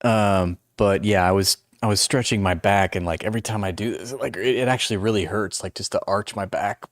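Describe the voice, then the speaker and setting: A livestream host in his forties talks loosely and self-deprecatingly, wandering off and starting over many times. He has a lowish, steady, brisk voice, captured dry and clean in a studio setting on noise-canceling headphones.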